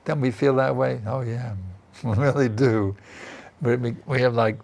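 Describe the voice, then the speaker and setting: A man's voice: medium pitch, fairly even intonation, measured pace, creaky, a little mellow. An older man teaching a scripture class in a temple, talking in a chatty way and often asking "isn't it" and "you see". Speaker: spiritual teacher giving a class. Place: temple in Vrindavan.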